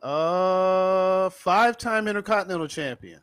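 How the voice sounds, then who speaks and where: A man's voice: high voice, measured pace, clean tone, dry recording. A man hosting a wrestling podcast, reeling off championship records with joking asides. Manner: reels off stats, lively and joking. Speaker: podcast host. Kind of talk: casual wrestling debate.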